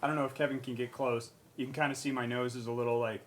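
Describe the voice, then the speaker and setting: A young man sits on a panel and tells a story in a relaxed, chatty way. His voice is mid-pitched, and he throws himself into quotes. A faint hiss runs under the recording. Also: quick pace. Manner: animated, acts out quotes with raised voice. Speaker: panelist on a charity stream. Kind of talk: casual storytelling.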